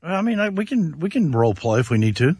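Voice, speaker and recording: A man co-hosting a radio show with quiet, laid-back interjections. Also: a little high, very animated, fast, slightly rough, no echo, studio quality. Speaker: radio co-host. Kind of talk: casual on-air banter.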